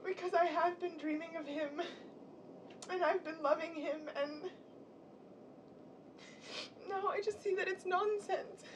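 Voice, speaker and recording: An actress playing a high-voiced, anguished young sister. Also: female voice, fairly even intonation, a little slow, pauses often, a little hiss or hum. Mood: subdued. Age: 20s. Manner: tearful, anguished outbursts. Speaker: stage actor. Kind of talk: live stage acting.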